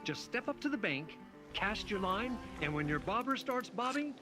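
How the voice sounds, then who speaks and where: A man's voice: high-pitched, sing-song, moderate pace. A man voicing a cheerful, folksy narrator in a game trailer about fishing and cozy living. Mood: upbeat folksy. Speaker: trailer announcer. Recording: game trailer audio under loud music.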